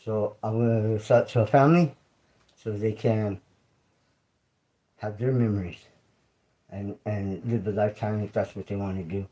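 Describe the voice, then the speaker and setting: A man's voice: fairly low pitch, fairly even intonation, moderate pace, long pauses, dark tone, poor audio. A man hosting his own livestream, talking loosely and conversationally, repeating phrases and asking listeners "you feel me?". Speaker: YouTube creator and livestream host. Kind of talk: casual livestream monologue.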